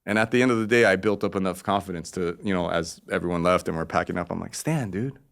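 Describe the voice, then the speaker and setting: A man's voice: low-pitched, little pitch movement, fast, creaky, fairly bright tone, clear, resonant tone. A man around fifty, a guest in a casual interview, telling stories in a profane, rambling way and acting out quotes.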